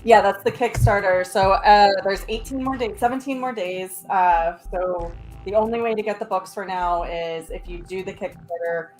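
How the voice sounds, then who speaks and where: A woman's voice: medium pitch, moderate pace, few pauses, a little mellow, faint music behind, rough recording. A woman with an ordinary mid-range voice, speaking as a podcast guest. She lays out information methodically and plainly, with easy casual phrasing. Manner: clear, explanatory, methodical. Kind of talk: casual video-call chat.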